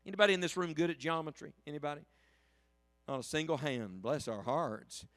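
A man preaching a sermon to his congregation in a church, moving from quiet storytelling to fervent calls. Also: on the high side, a little fast. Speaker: pastor. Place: church sanctuary.

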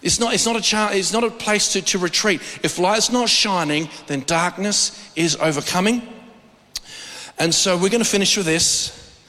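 A middle-aged man from Australia with an Australian accent, preaching an animated sermon and often repeating words. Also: normal speed. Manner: animated preaching, repeats words, rises high when excited. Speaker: pastor. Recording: long hall reverb.

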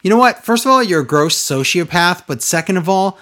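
Her voice is on the low side and a bit bright, with lively intonation and a brisk delivery. Co-hosting a casual wrestling recap podcast, she tells the tale with sarcastic exasperation and mocking impressions.

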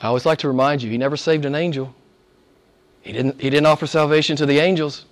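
A male pastor delivering a sermon in church, his voice sitting a little higher than most men's. He preaches emphatically, circling back to repeat his points and checking in with the congregation. His addresses come in a direct, pressing way. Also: steady tone, fast. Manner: emphatic, repeats phrases, asks "right?" of the congregation. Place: church service.

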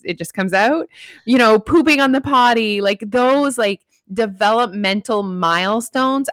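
A woman in her thirties talking casually as a podcast co-host, telling animated stories with lots of fillers. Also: mid-range voice, dry recording, studio quality. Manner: animated storyteller, filler-heavy. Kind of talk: casual chat.

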